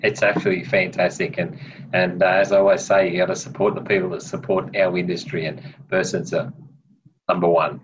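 A man's voice: deep voice, little pitch movement, fairly quick, highs cut off, noisy background. A man with an Australian accent co-hosting a podcast, easygoing and chatty. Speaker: podcast co-host. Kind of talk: casual podcast chat.

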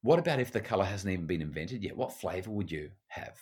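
A middle-aged Australian man with a somewhat low voice tells stories about parenting in easy conversation. He slips into the voices of the people he quotes and often repeats a word or two before a sentence gets going. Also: fast talker. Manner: animated, acts out quoted voices, repeats words when starting sentences. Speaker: parenting educator. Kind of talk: conversational storytelling.

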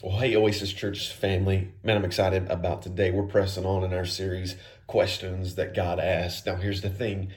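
Man, pastor preaching, low-pitched voice, easygoing conversational sermon. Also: level tone, normal speed, few pauses.

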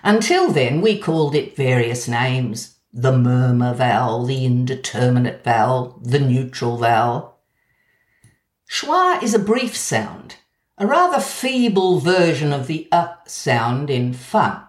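A woman with an Australian accent reading a measured, gently wry scripted essay about language. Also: very deep voice, animated. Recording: roomy echo.

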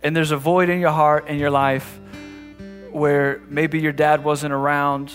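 Pastor preaching over soft guitar. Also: male voice, on the high side, level tone, a little slow. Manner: conversational preaching, repeats phrases, stammering restarts; rises to emphatic, louder passages. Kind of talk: sermon.

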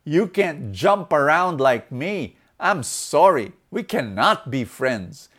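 A snooty little white rabbit, as a storytelling man puts her on, slow and dismissive. The voice swoops between high and low from word to word. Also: sing-song, fairly bright tone, exaggerated voice.

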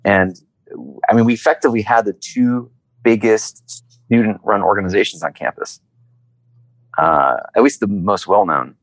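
A fairly low-pitched man speaking at a moderate pace is interviewed about his story as an entrepreneur. He tells it conversationally and animatedly, acting out quoted voices. The recording is low-quality but echo-free.

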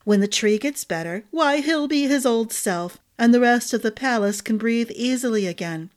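A woman's voice: a little high, animated, moderate pace, natural voice. A woman voicing a gossipy, motherly head cook who talks with emphatic fondness.

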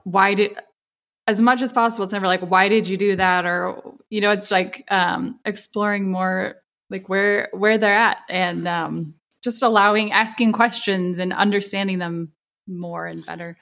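A woman's voice: medium pitch, steady tone, normal speed, gravelly, fairly bright tone. A woman, a mother and podcast guest, speaking thoughtfully with many fillers and restarts. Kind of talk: casual podcast conversation.

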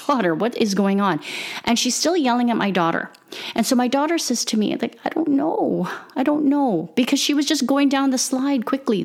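A middle-aged mother telling a personal story in a casual monologue, acting out the people in it with big jumps in her voice. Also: mid-range voice.

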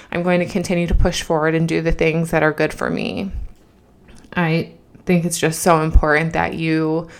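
Woman, podcast host, earnest, emphatic, emotional, smooth voice. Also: fairly low pitch. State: emotional, has been crying. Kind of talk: motivational pep talk.

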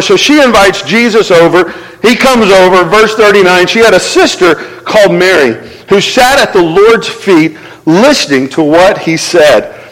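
A male pastor preaching a sermon in an animated, conversational way, asking the crowd to respond. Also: sits high, big-room sound, low-quality recording.

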